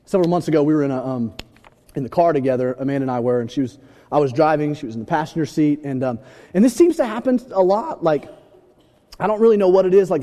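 High-voiced preacher man in a reverberant hall. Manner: animated storytelling, acts out scenes with shouts. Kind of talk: sermon.

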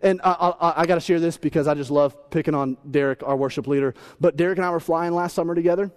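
A male pastor in his thirties, preaching with a playful, animated delivery. His voice sits high for a man, and he jumps into little acted-out voices as he goes. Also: fast, smooth. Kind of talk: humorous sermon.

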